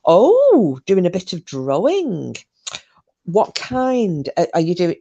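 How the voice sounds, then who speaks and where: A woman's voice: lowish voice, sing-song, takes it slowly, gravelly, dark tone, lo-fi sound. A woman hosting a live stream, chatting casually, gossipy and sweary, reading out comments.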